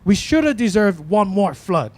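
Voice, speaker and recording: A man's voice: high-pitched, very animated, normal speed, darkish tone. A man, preaching a casual sermon in a church, thinking aloud with restarts and a frequent "right?". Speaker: pastor. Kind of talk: conversational sermon. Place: church in Hawaii.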